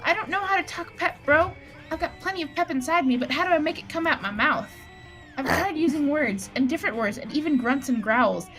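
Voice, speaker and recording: A woman's voice: sits high, fairly bright tone. A woman voicing a dim, earnest young male jock quarterback with a bro-ish, rambling way of talking.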